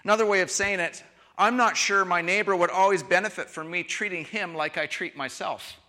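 A man preaching a sermon, switching between quiet reflective lines and loud, emphatic ones. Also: sits high, brisk. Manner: expressive, shifts from soft to loud emphasis. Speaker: pastor. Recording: long hall reverb.

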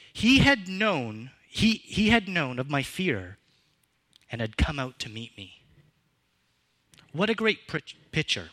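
Male pastor, sermon, slow measured pace, animated pitch, expressive emphatic delivery.

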